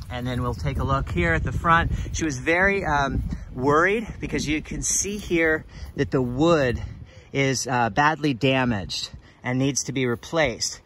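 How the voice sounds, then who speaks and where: A man's voice: medium pitch, very noisy. A man who runs a pressure washing business, talking casually with lots of ums and uhs while he walks around a house and films it. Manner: filming himself while walking around a house; chatty, plain-spoken, many ums and uhs. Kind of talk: casual walkthrough vlog. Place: outdoors at a house.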